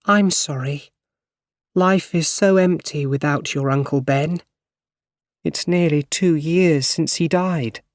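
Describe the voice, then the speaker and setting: A weary, tearful elderly aunt speaking slowly in a raised, trembling storybook voice, as a male narrator puts her on. The recording is dry and close, with no room sound. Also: a little high, a little mellow, no echo, voice pushed up.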